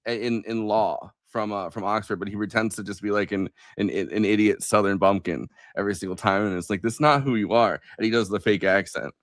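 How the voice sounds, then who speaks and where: A man's voice: lowish voice, a little fast, hardly any pauses, no room sound. A man co-hosting a podcast, chatting casually about politics, rambling with fillers and restarts. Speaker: podcast co-host.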